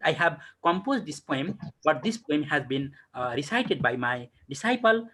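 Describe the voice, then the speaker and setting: A man's voice: on the high side, animated, normal speed, noisy background. A man teaching an online English poetry class over a video call, asking and answering his own questions and repeating key words.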